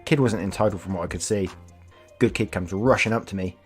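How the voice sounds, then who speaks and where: A man's voice: deep voice, fairly quick, faint music behind. A man reading online stories aloud as a YouTuber, casual, swearing, breaking off to react and comment. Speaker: storytelling YouTuber.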